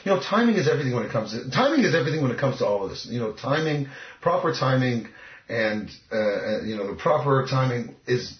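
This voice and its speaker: Cocky guy coaching on dating, rapid and emphatic, sounds dull and lo-fi. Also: mid-range voice, very animated. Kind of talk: casual interview talk. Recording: echoey, muffled lo-fi recording.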